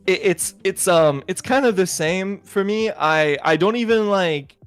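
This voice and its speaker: A man's voice: high-pitched, a little slow, a bit bright, clean tone, faint music behind. A man as a guest in a casual chat, rambling with lots of fillers and repeated words.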